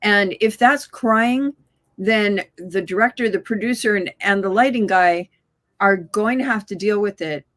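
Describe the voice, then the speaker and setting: A woman, an actor guest on an interview show, explaining her approach in a measured way. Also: mid-range voice, fairly bright tone. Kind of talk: casual chat.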